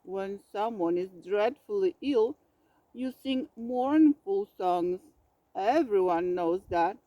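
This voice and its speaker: A woman's voice: mid-range voice, slow pace, lo-fi sound, voice pushed down, lightly acted. A woman voicing a grumpy, self-pitying male bear with a cold, pompous and melodramatic, in a storybook read-aloud. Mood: grumbling.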